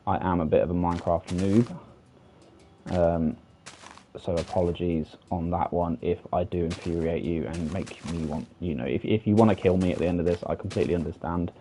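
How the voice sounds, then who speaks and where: A British man chats casually while streaming a building game, rambling and self-deprecating with plenty of fillers. His low, warm voice keeps a fairly even intonation at normal speed, picked up by a desk microphone with slight background noise.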